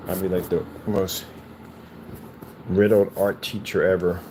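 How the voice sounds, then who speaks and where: Brief: a playful, rambling man with a lowish voice, chatting as he works. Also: flat delivery, measured pace, background noise. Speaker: cardboard PC case builder. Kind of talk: casual chat while crafting.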